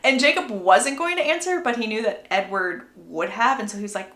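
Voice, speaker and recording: A young woman casually retelling a book plot, chatty and acting out the characters' lines in quick voices. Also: on the high side, animated, a bit bright, reverberant. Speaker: book recap creator.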